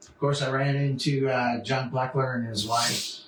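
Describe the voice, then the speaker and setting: A man's voice: mid-range voice, level tone, moderate pace, a bit bright, slight background noise. Rambling man recorded in a roomy space. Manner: rambling storyteller with many fillers and restarts. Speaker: podcast co-host. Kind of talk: casual chat. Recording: roomy sound from a distant mic with faint ambience.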